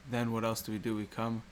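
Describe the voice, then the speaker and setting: A man's voice: lowish voice, slight background noise. A man teaching trading over a chart walkthrough, asking rhetorical questions and repeating key points. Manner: rhetorical questions, repetitive explaining. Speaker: trading educator. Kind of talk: screen-recorded chart walkthrough.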